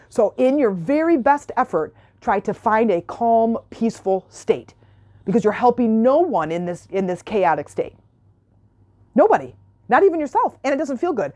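A woman's voice: a little high, warm tone. Emphatic woman giving a motivational talk. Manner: emphatic, repeats phrases, acts out callers' questions. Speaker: self-help coach.

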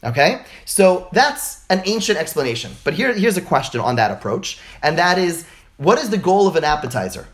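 A man teaching religious texts in an informal lecture over a video call, animated and full of rhetorical questions. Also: on the high side, moderate pace. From United States.

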